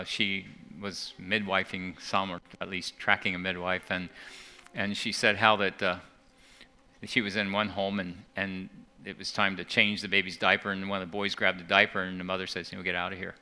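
A man's voice: deep voice, pushed and bright, clean tone. A man giving an earnest talk to a church audience, often restarting and repeating words. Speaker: seminar speaker.

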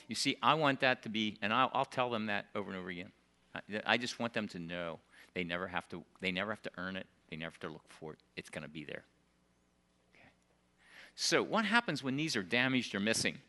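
An older man preaching a sermon, emphatic at times and dropping to soft, quiet storytelling. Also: fairly low pitch, animated, fast talker. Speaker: pastor.

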